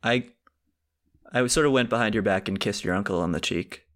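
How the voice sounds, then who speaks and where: A man's voice: fairly low pitch, a little fast, a bit bright. Sarcastic needling young man. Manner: sarcastic, needling, mock-apologetic bits. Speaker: podcast co-host. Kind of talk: casual comedic banter.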